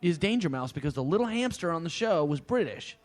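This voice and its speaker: Animated man with a lively voice. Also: fairly high pitch, a little fast. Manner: animated, playful, says dude. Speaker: podcast co-host. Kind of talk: casual chat.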